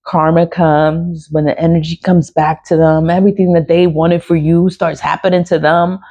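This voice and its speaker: A woman's voice: low voice, little pitch movement, normal speed, dark tone. A woman vlogger in an unscripted personal rant, swearing often, repeating herself and laughing bitterly. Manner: profane, repetitive, laughing bitterly. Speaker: spiritual vlogger.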